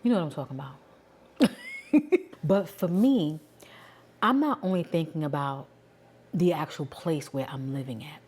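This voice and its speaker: Forties woman, New York accent, deep-set low voice; casual, candid vlogger talk. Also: expressive, a little slow, long pauses, husky. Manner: chatty, candid, thinking out loud.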